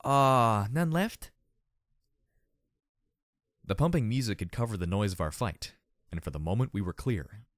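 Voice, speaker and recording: A hoarse man narrating a fan audiobook in an expressive, dramatic reading. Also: on the low side, a little fast, no room sound, clean studio sound. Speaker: audiobook reader.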